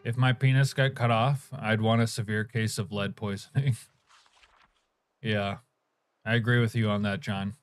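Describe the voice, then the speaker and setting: A man's voice: on the low side, level tone, moderate pace, long pauses, faint music behind. A man streaming a game, reading chat aloud and chuckling while he eats. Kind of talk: casual live-stream chat.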